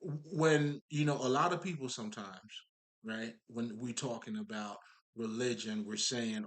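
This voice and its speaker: His voice is mid-range and fairly bright, his pace moderate, as this spiritual talker delivers a casual, rambling monologue. It's emphatic and laced with profanity, with plenty of fillers and asides to those listening.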